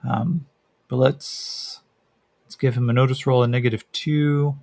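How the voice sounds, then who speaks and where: A man narrating a solo tabletop role-playing game as game master, describing scenes and rolling dice with frequent pauses and fillers. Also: medium pitch, steady tone, creaky, a little mellow, no room sound. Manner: hesitant, many fillers, descriptive.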